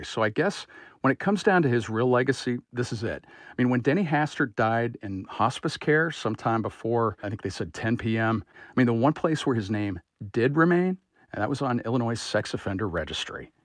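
A man's voice: mid-range voice, animated, fairly quick, no echo. A man talking in a radio news interview as a politics editor, conversational and analytical in tone. The studio sound is very dry and close.

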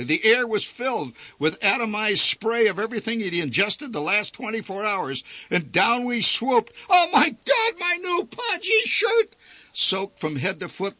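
A man narrating a story in a vivid, animated storytelling manner. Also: high-pitched, no echo.

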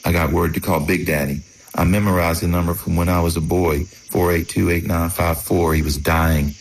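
Deep-voiced spoken-word storyteller. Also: male voice, flat delivery, moderate pace, gravelly, a little hiss or hum, low-quality recording. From North Carolina. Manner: rhythmic, declamatory.

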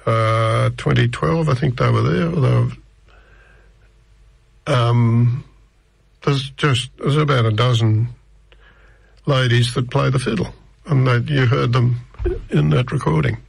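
A man's voice: mid-range voice, slow, vocal fry, long pauses, breathy edge, no room sound. An older man, presenting tracks on the radio in a rambling, chatty way with many restarts. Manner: rambling, digressive, with frequent restarts. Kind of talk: casual radio track introductions.

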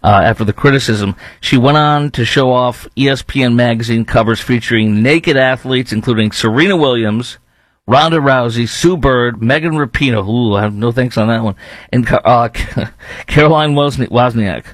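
A man hosting his own podcast, giving animated, mocking commentary and laughing between remarks. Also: mid-range voice, moderate pace, dry recording. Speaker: podcast host. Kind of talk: opinionated commentary.

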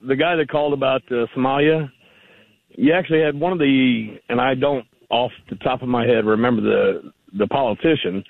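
A man phones in to a radio show, his voice gravelly and rough. He argues in a rambling way, full of fillers. The sound is tinny and dry, like a phone line. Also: mid-range voice, moderate pace, dry recording. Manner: argumentative, rambling, many fillers. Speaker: caller. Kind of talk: call-in radio conversation.

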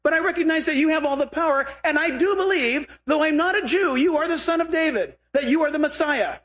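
A man's voice: very high-pitched, fairly quick, fairly bright tone, pitched above the performer's own voice. A man voicing a desperate Canaanite woman begging for mercy, in an urgent, earnest voice. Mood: pleading.

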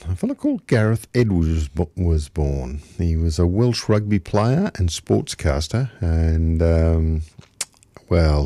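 A male radio host with a very low voice chats through his show in an unhurried, meandering way. His tone is warm and mellow. The studio sound is dry and close. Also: dry recording. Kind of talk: casual radio chat.

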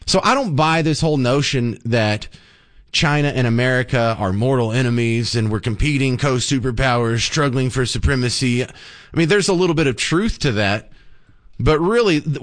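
Male talk radio host, casual joking monologue, animated delivery, studio mic. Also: medium pitch. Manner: joking, animated, with frequent restarts. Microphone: studio broadcast mic.

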